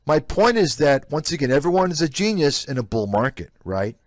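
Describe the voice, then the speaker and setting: A slightly high, very animated male voice moves fairly quickly as its owner, a live-stream host and investment analyst, reacts to clips. His commentary is blunt, scornful, and repetitively ranting, recorded in clean studio sound with no echo.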